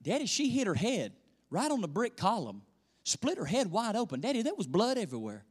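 A man voicing his young schoolgirl daughter, rushed and earnest, as he retells her story in an echoey hall. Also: high-pitched, huge pitch swings, husky, pitched above the performer's own voice, exaggerated voice. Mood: alarmed.

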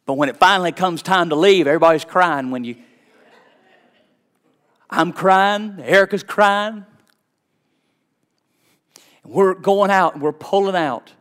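A middle-aged man, a pastor preaching a sermon with personal stories, fervent and swinging from hushed tones to shouts. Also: high voice, unhurried, long pauses. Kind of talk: sermon with storytelling.

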